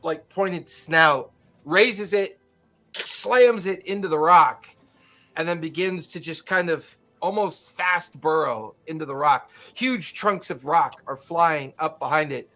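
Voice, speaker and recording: A man's voice: a little high, slow pace, sharp tone, soft background music. A man narrating a tabletop game as game master, describing scenes vividly with loose fillers.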